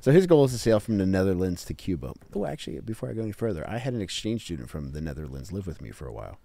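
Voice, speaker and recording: Deep-voiced man telling a story, crude and joking. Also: sing-song, racing, gravelly, mellow, no room sound. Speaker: podcast host telling the story. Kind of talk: casual storytelling chat.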